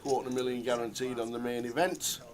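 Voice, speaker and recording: Male poker commentator, casual and chatty, mid-pitched. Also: quick pace, crowd noise. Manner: chatty, relaxed, banters with co-host.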